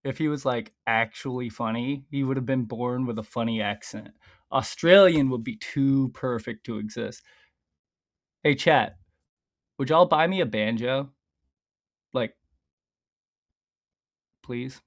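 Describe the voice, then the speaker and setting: A man's voice: mid-range voice, unhurried, pauses often. A man streaming casually, reading his own scripts aloud in a loose, rambling way, swearing a lot and often stopping to laugh at his own lines.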